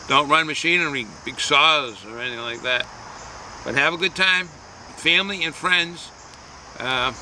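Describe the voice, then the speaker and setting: Bright-voiced man rambling through a beer review. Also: fairly high pitch, slight background noise, poor audio. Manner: folksy, rambling with many hesitations. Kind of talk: casual beer review vlog.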